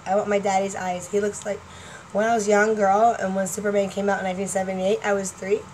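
A woman's voice: mid-range voice, flat delivery, quick pace, darkish tone, a little hiss or hum, poor audio. Rambling, laughing woman in her forties. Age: 40s. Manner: chatty, laughing, jumps between topics. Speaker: vlogger. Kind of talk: rambling casual chat to fans.

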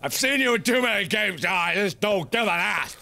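Loud, animated gaming host man. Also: sits high, fairly quick, vocal fry. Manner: loud, goofy and frustrated, rambling mock history. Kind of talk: let's play commentary.

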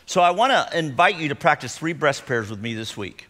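A middle-aged man preaching a sermon as pastor in a conversational, animated way. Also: on the high side. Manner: conversational, acts out sighs and groans. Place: church sanctuary. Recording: long hall reverb.

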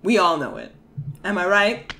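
A young woman streamer giving excitable, exclamation-filled commentary while she plays a video game. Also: on the low side, moderate pace, background noise. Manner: excitable, with frequent shrieks and exclamations. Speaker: gaming streamer. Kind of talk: reactive gameplay commentary.

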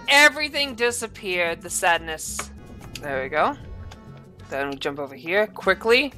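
Swearing nonstop as she rants through gameplay, this gaming channel host veers between quiet mutters and screamed outbursts. She talks a little slowly with lively intonation and a pushed, bright sound, over soft background music.

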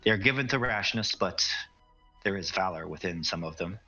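A man voicing an ancient, wise male elf lord who speaks in measured, solemn pronouncements. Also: low-pitched, expressive, sharp tone, lo-fi sound, faint music behind, full character voice.

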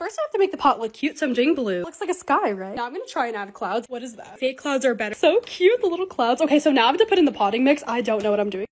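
Young woman, lifestyle vlog narrator; bubbly, self-deprecating, quick delivery. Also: high-pitched, darkish tone. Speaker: lifestyle creator. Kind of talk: casual voice-over vlog narration.

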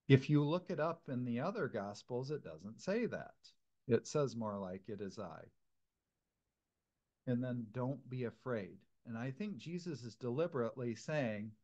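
A man's voice: medium pitch, lively intonation, measured pace, mellow, highs cut off. A man leading a church Bible study, teaching in an informal, conversational way with fillers and restarts.

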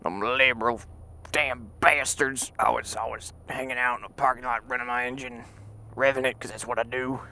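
A man voicing a grumbling, resentful middle-aged pickup truck owner who swears a lot, speaking quietly and low. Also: steady tone, moderate pace.

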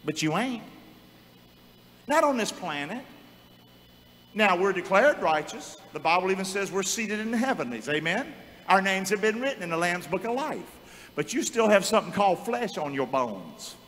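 A male pastor preaching a call-and-response sermon to his congregation, rising to shouts and repeatedly calling on them to answer. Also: high voice, sing-song, moderate pace, a little hiss or hum. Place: church sanctuary. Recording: reverberant church hall.

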